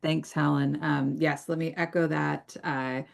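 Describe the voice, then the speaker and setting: A woman's voice: sits low, level tone, measured pace, vocal fry. A woman hosting and wrapping up a webinar, friendly and peppered with uhs. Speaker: webinar host. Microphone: video call.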